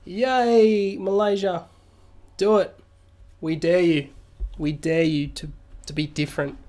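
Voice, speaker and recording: This Australian man hosts a casual crypto livestream on a new studio mic, speaking slowly in a high, slightly mellow voice with fairly even intonation. He reads news aloud, then riffs, chatting and joking with viewers.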